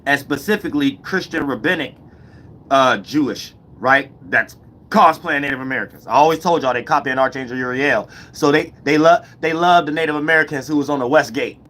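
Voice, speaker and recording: A man's voice: mid-range voice, a little fast, a bit bright. A man hosting his own channel, talking in a rambling, slangy, profane monologue and often asking "you know what I'm saying". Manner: slangy, profane, loose grammar. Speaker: channel host. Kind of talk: casual monologue to viewers.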